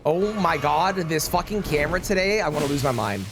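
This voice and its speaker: A man commentating his own gameplay live, greeting viewers and cursing at the game when it misbehaves. His voice sits high and swings widely in pitch. The tone is loose, chatty and unscripted. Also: animated, brisk, noisy background. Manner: chatty, swears at the game in frustration. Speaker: game streamer.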